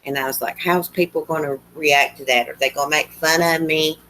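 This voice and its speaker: Woman, Southern US accent, low voice, chatty livestream host, countrified drawl. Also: steady tone, brisk, fairly bright tone. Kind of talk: casual chat reading live comments.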